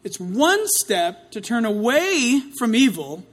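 A man preaching a sermon, swinging between loud outcries and hushed asides, with a dramatic delivery. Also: very high voice, very animated, slow.

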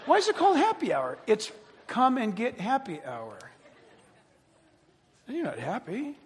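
A man preaching a sermon as pastor, animated and joking, acting out the voices of other people. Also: very high-pitched, moderate pace, slightly rough, in a large hall.

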